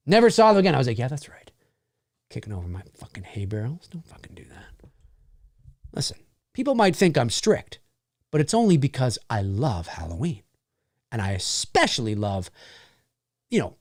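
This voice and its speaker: A man in his forties hosting a casual livestream, animated and profane, laughing often. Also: on the high side, no echo, studio quality. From Canada. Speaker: livestream host.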